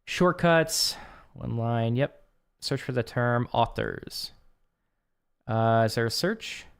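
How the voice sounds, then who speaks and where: A man's voice: mid-range voice, slow, gravelly, clear, resonant tone. A young man live-streaming as he works through a coding course, reading lesson text aloud and reacting with offhand remarks. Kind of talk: casual live-stream commentary.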